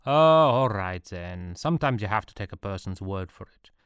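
Man doing a deadpan Prussian officer. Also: low voice, fast, dry recording, clean studio sound. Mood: wry. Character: eccentric Prussian artillery officer, dry, matter-of-fact.

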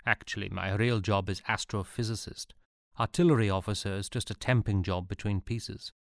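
A man voices an eccentric Prussian artillery officer, lecturing in a brisk, deadpan, wry way. His fairly low, creaky voice is recorded dry with no echo or room sound, a good fit for a storybook reading.

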